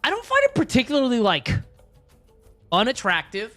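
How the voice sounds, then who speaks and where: A man's voice: extremely high pitch, huge pitch swings, normal speed, pushed and bright, faint music behind. A young man streaming live, chatting casually with his chat in a blunt, crude, rambling way.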